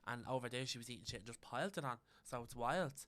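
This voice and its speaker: A young man with an Irish accent talks quickly in a bright, forward voice, co-hosting a casual podcast. He is blunt and gossipy, and he swears freely. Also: medium pitch. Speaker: podcast co-host. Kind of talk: casual chat.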